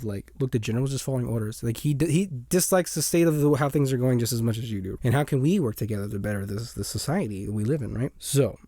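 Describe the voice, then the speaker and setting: Man, young adult, casual movie recap, animated and rambling, warm tone, dry close sound. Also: mid-range voice, dry recording. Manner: rambling, animated, acts out characters' lines.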